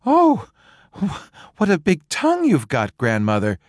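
A man voicing a sweet, innocent little girl in a high, chirpy voice. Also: wildly swooping pitch, measured pace, dry recording, clean studio sound, full character voice.

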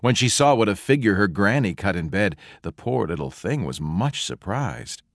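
A man reading a fairy tale aloud in a slow, expressive storytelling manner. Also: fairly low pitch, no echo, studio quality.

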